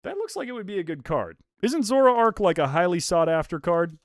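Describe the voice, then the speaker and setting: A young man live-streaming, chatting casually with his viewers while opening trading card packs. He is excitable and animated, swears casually and reads the chat aloud. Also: high voice, a little fast, no room sound, clean studio sound.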